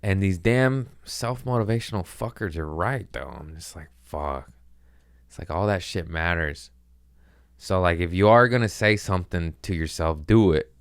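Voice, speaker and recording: Homem de voz grave e limpa, americano, papo solto. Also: male voice, low voice, moderate pace, clean tone, dry recording, clean studio sound. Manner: rambling, profane, self-mocking. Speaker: podcast host. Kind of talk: casual comedic monologue.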